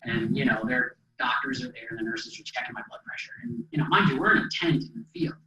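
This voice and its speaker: A man's voice: mid-range voice, animated, fast, bright, forceful tone. Man telling his story in an echoey hall. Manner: conversational storytelling with acted quotes and fillers. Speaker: motivational speaker. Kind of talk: storytelling presentation to an audience. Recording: dull echoey hall sound from a distance.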